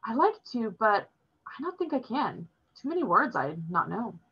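A woman voicing an earnest immigrant boy who speaks halting, broken English, on a dull lo-fi recording. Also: a little high, sing-song, breathy edge, voice pushed up. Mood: shy.

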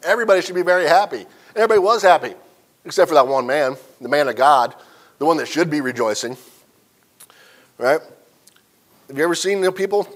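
A man from central Illinois teaching Sunday school in a church classroom. His voice sits a little higher than most men's, and he tells homespun stories while putting questions to the class. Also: expressive, brisk, long pauses, fairly bright tone. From central Illinois, USA. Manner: folksy storytelling, asks the class questions.

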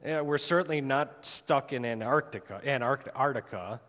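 A man, a pastor, preaching a sermon and telling a story with dramatic rises and hushed drops. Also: normal speed. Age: adult with a daughter. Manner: storytelling preacher, rising for drama, dropping low for emphasis. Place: church sanctuary. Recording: long church hall reverb.

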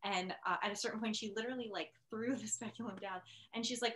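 A woman's voice: a little high, steady tone, fast talker, noisy background. A woman on a panel, chatting casually and telling a personal story with lots of fillers. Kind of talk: casual chat.

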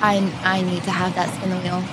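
A young woman streamer reacting to meme clips in animated casual commentary, gasping and exclaiming. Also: lowish voice, a little fast. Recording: loud background noise, mic clicks.

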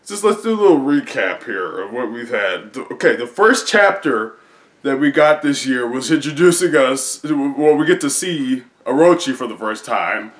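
A man chatting casually as a video creator, rambling excitedly through a recap with many fillers. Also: medium pitch, moderate pace. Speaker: video creator reacting to comics. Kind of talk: casual chat. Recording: roomy echo.

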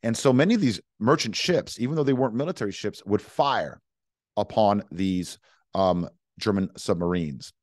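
This young man teaches history with animated emphasis, his voice on the low side and darkish in tone, at a normal speed. He repeats himself and plays both sides in first person, captured in studio quality with no room sound.

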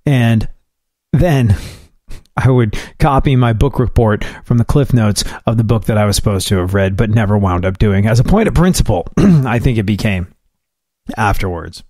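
A man's voice: on the low side, normal speed, darkish tone, no room sound, clean studio sound. A man hosting a solo podcast, talking in a chatty, wry way with asides and jokes. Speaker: podcast host.

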